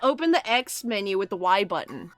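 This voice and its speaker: A woman's voice: mid-range voice, sing-song, brisk, no echo, soft background music. A woman casually chatting while playing a video game, often laughing and reading the game's lines aloud. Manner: giggly, reads game text aloud. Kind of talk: casual let's-play chat.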